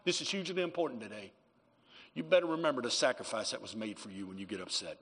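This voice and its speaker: A man's voice: on the low side, fast, fairly bright tone, long reverb tail. A man preaching a sermon as pastor in a church, emphatic, calling for amens from the congregation. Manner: emphatic preaching with call-and-response.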